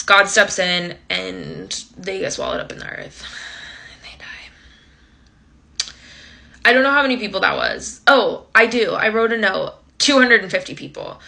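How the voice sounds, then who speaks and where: A woman's voice: a little high, vocal fry, sharp tone. A young woman giving a casual, slangy, ironic Bible recap into a phone camera, with lots of "like". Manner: chatty, slangy, ironic, many likes. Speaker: host.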